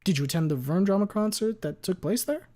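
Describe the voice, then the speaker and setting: A cunning courtroom lawyer barking pointed questions at a witness, as a man puts him on. His voice jumps well above the reader's own and gets louder, with a showy, pushy bite. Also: sits high, expressive, brisk, voice pushed up. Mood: probing. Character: sly, determined male courtroom lawyer.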